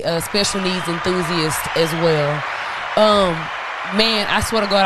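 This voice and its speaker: A young woman hosting a podcast, chatting casually in an animated, emphatic way with plenty of profanity. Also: fairly low pitch, noisy background. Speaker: podcast host. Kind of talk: casual chat.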